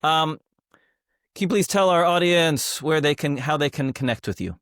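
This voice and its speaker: Fairly high-voiced male podcast host. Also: normal speed, fairly bright tone, no room sound, clean studio sound. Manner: friendly, hesitant with restarts. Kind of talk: casual interview chat.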